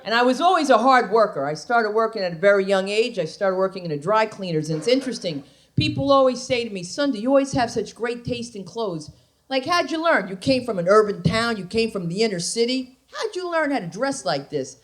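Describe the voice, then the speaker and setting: A woman's voice: medium pitch, a little fast. A woman performing a stand-up comedy set, telling wild stories with shrieks and frequent asides to the audience. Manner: animated storytelling with shrieks and asides to the crowd. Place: comedy club stage.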